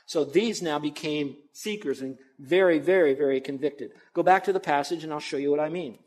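A man's voice: a little high, a little fast, hardly any pauses, a little mellow. A man pastor preaching a sermon in a conversational, emphatic way with asides to the congregation.

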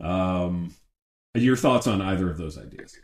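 Animated middle-aged man co-hosting a podcast. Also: low-pitched, measured pace. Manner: animated, joking, says "dude" a lot. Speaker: podcast co-host. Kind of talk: casual podcast chat.

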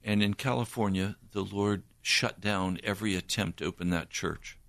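An older man, a preacher, giving an earnest personal testimony in a slow storytelling manner. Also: on the low side, fairly even intonation, vocal fry, fairly bright tone, dry recording.

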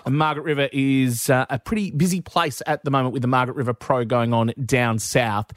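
A man's voice: medium pitch, fairly even intonation, fairly quick, no room sound, clean studio sound. Man presenting a radio segment. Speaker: radio host. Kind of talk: radio show hosting, news segment.

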